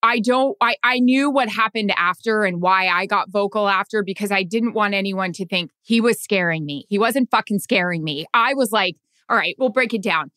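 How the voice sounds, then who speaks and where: A woman co-hosting a podcast in casual chat, excitable, swearing freely and acting out what people said. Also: mid-range voice, moderate pace, hardly any pauses, no echo, studio quality. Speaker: podcast co-host.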